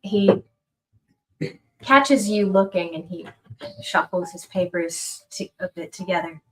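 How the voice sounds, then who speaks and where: A woman's voice: mid-range voice, lively intonation, slow, long pauses, rough recording. A woman narrating as game master of a tabletop game, chatty and given to laughing, dropping to a whisper for suspense.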